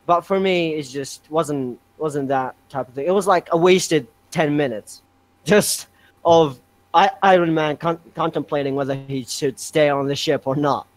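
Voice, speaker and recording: Excitable rambling man, dry close mic. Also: on the high side, measured pace, no echo, rough recording. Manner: excitable, rambling, laughs loudly. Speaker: podcast guest. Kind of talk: casual podcast chat.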